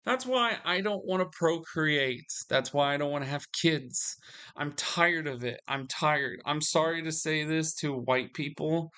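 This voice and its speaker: A man's voice: fairly high pitch, unhurried, pushed and bright, clear, resonant tone. A man venting to his audience in a solo video, weary and frustrated, often restarting his sentences. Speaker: vlogger.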